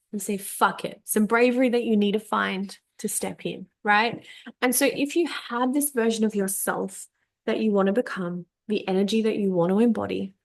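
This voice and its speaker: A woman coach talks through a motivational workshop with a gravelly edge on her voice. She speaks candidly and swears freely. She leans on repeated words to drive her points home. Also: medium pitch. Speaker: energetics coach. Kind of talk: casual motivational workshop talk.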